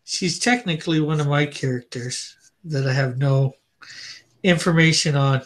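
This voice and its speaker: A man's voice: on the high side, normal speed, a bit bright. Joking man reading out chat. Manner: joking, reads viewer comments aloud; laughs often. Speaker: co-host of a live drawing stream. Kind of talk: casual chat.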